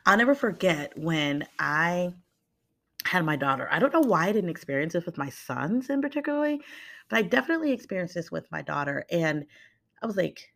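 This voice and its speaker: Woman, low-voiced, animated motivational talker, acts out inner voices. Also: moderate pace, creaky, long pauses. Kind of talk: motivational talk.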